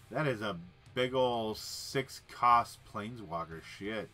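Bright-voiced man hosting a card stream. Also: on the low side, lively intonation, slow, few pauses, faint music behind. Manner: wry, muttering asides. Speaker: livestream host opening card packs. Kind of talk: casual chat while reading cards aloud.

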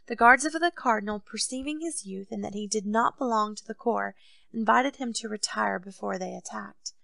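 A woman reading aloud voices a loyal male captain of musketeers, speaking in measured, deferential pleading to his king. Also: medium pitch, creaky, a bit bright, no echo. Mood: respectful.

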